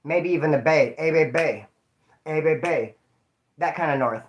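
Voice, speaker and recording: A man's voice: a little high, normal speed, lo-fi sound. A young man from Northern California telling a rambling, slangy, profane story on a casual livestream.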